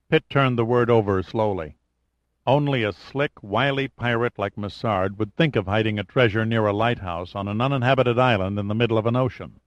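A man's voice: fairly low pitch, brisk, no room sound. Man narrating an audiobook, dry and close. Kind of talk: scripted narration. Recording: dull lo-fi audiobook recording.

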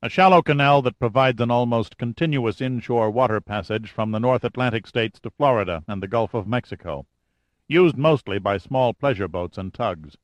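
A man voicing a matter-of-fact helicopter pilot who speaks firmly and flatly. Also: medium pitch, moderate pace, dry recording, dull audio, close to an everyday voice. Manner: firm, flat, businesslike.

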